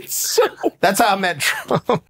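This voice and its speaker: A man's voice: high voice, huge pitch swings, drawn-out words, fairly bright tone, husky. A man who is a guest on a talk show, telling a humorous story, acting out the quoted lines and laughing often. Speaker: interview guest. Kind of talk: humorous anecdote in conversation.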